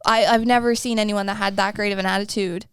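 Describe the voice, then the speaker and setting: A woman of about 30 co-hosts a podcast, chatting and laughing as she tells stories and acts out the dialogue in a casual storytelling conversation. Her mid-range voice is fast and a bit bright, with fairly even intonation and a clean tone free of echo.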